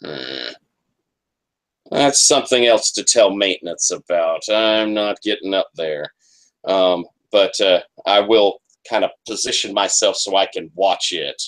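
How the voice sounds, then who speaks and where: A man's voice: deep voice, animated, unhurried, fairly bright tone. A man playing a tabletop role-playing game, talking hesitantly with many fillers and restarts. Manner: hesitant, lots of ums and restarts. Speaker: player. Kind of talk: tabletop role-play, in character.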